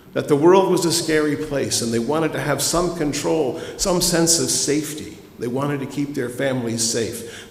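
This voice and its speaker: A man, a minister, giving a sermon in a conversational storytelling way and speaking directly to his congregation. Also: medium pitch. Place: church sanctuary. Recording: echoey hall ambience.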